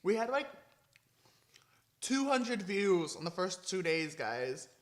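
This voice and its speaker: A young man chatting casually in a vlog, gushing and expressive, swinging between excited and low-key. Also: slow pace. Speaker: vlogger. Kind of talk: casual mukbang vlog chat.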